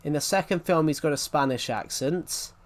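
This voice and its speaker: A man's voice: fairly high pitch, normal speed. Rambling man chatting over gameplay. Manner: rambling, repeats and corrects himself often. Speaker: gaming channel host. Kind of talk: casual gameplay commentary.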